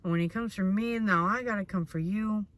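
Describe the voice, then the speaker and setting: A woman's voice: mid-range voice, brisk, fairly bright tone, no room sound, lightly acted. A woman putting on the voice of a nervous male devil in a casual tarot reading. He mutters anxious asides.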